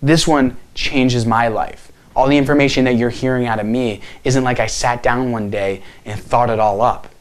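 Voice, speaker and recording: An earnest man coaching viewers on healing in a motivational talk to camera. He speaks directly and presses his points with rhetorical questions. His voice sits at an ordinary middle pitch for a man.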